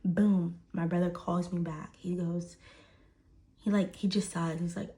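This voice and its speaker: A woman's voice: on the low side, unhurried, gravelly. A young woman with a Houston accent telling a personal story in a casual storytime style, acting out what people said and repeating lines for emphasis. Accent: Southern US, Houston. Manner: animated, acts out the quoted voices, repeats lines for emphasis.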